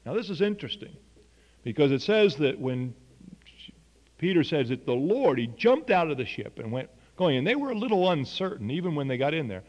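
A man's voice: on the high side, big pitch swings, a little fast, long reverb tail, muffled recording. A man preaching a sermon, telling a story earnestly and voicing the people in it. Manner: earnest storytelling with quoted dialogue.

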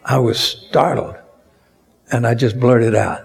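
A man preaching a sermon slowly and deliberately, rising to emphatic peaks on key words. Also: medium pitch, gravelly, husky.

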